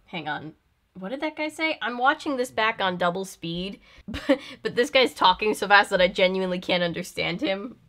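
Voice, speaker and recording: A woman's voice: mid-range voice, lively intonation, normal speed, a bit bright, slight background noise. Sarcastic young woman with a Southern accent. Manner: sarcastic, chatty, swears freely. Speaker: video host. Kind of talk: casual reaction commentary.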